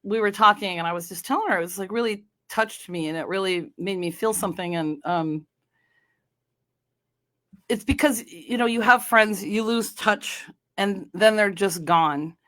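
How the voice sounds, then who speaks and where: A woman's voice: medium pitch, normal speed, a bit bright. A woman from North Dakota hosting her own podcast, talking casually in a meandering way, with many fillers and restarts. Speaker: podcast host. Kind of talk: casual solo podcast chat.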